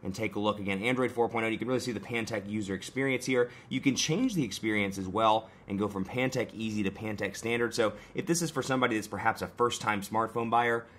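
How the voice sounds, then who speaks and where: Hoarse fast-talking man reviewing a phone. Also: on the low side, a bit bright. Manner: brisk, conversational, pointing out features. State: hoarse, coming down with a cold. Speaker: tech reviewer. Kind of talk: casual product unboxing walkthrough.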